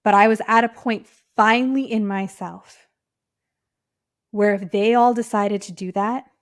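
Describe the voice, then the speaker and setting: A woman's voice: medium pitch, steady tone, unhurried, no echo, clean studio sound. A woman hosting a personal podcast, telling her story in a heartfelt, casual way and often dropping to a near whisper. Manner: casual, frequent "like" fillers. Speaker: podcast host and clinic owner.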